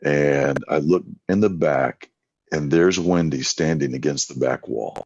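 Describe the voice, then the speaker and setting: A male evangelist guest on a podcast interview tells folksy anecdotes, often acting out what people said. His bass voice is unhurried and a little mellow, with no echo, though the sound is dull and lo-fi.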